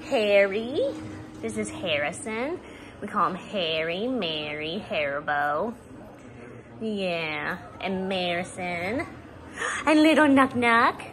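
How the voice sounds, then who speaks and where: A woman's voice: mid-range voice, a bit bright. A woman introducing her dogs in a casual pet vlog, talking to them in affectionate baby talk at home. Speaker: dog owner.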